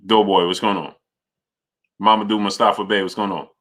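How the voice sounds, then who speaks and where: Bright-voiced male live-stream host, lowish pitch, calls out chat names and argues hard. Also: flat delivery, a little fast. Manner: greets viewers by name, argues forcefully. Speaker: boxing channel host.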